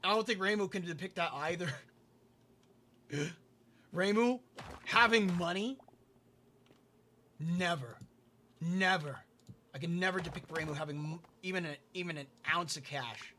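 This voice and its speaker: A man's voice: high-pitched, measured pace, long pauses, bright, forceful tone, slight background noise. A man streaming a building game, chatting casually with his viewers and muttering to himself as he places blocks. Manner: muttering to himself while building, answering chat. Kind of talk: casual livestream chat while playing.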